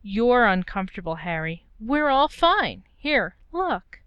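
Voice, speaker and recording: Woman voicing a middle-aged storybook mum, bossy and fussing, very smooth voice, dry sound. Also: a little high, very animated, takes it slowly, no echo, highs cut off. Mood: motherly. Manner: fussing, firm, affectionate. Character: warm bossy motherly witch, middle-aged.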